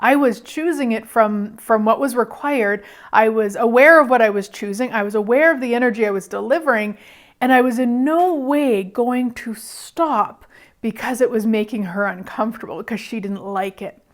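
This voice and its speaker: A woman host talks through a personal story in a candid, chatty monologue. Her voice sits fairly high, and she laughs easily as she goes. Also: moderate pace. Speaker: radio show host.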